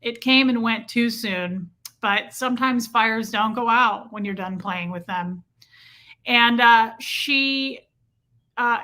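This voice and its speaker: A woman's voice: on the high side, takes it slowly, bright, forceful tone. A woman hosting a casual livestream, rambling through stories and answering viewers' questions. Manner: chatty, rambling, reads and answers chat. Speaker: livestream host.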